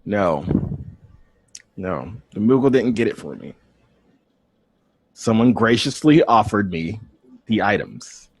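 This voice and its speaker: A man's voice: lowish voice, very animated, slow pace, long pauses, husky, no echo. A man cohosting a casual gaming podcast, defensive and exasperated, swearing as he laughs things off.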